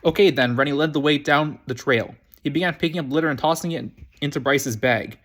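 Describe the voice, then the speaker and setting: A man reading a children's novel aloud, quick and prone to restarting phrases. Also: a little high, fairly bright tone. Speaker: reader.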